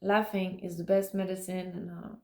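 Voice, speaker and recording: Rambling woman vlogging with gravelly fry. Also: fairly low pitch, level tone, normal speed, a little mellow, echoey room. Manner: rambling, musing, with many fillers and restarts. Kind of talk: casual self-recorded vlog talk.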